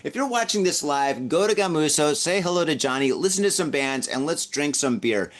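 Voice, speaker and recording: A man's voice: a little high, expressive, fairly quick. A man in his forties hosting a podcast, chatting casually through the news with jokey laughing asides while hungover. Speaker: podcast host.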